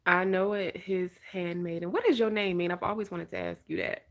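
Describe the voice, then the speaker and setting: A woman with a Southern American accent from Georgia, hosting a casual live-stream chat in an animated, expressive voice. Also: fairly low pitch, brisk. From Georgia, USA. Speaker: vlogger, host.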